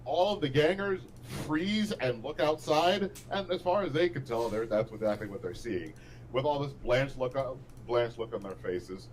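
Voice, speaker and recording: A man's voice: medium pitch, animated, normal speed, a little hiss or hum, poor audio. A man running a tabletop game as game master, explaining rules and narrating scenes, often laughing at his own descriptions.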